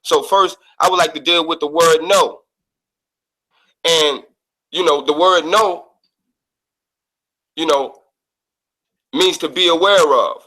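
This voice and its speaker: A man calmly teaching over a call, breaking his subject down word by word. His voice sits slightly high and sounds bright and forward. The delivery is steady and methodical. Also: takes it slowly, long pauses, rough recording. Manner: calm, methodical, defines words step by step. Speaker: guest speaker. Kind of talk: lesson on an online call.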